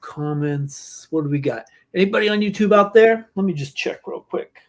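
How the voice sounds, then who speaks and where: A man's voice: high voice, moderate pace. A man hosting a podcast in casual chat, telling a joking story with many restarts. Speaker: podcast host.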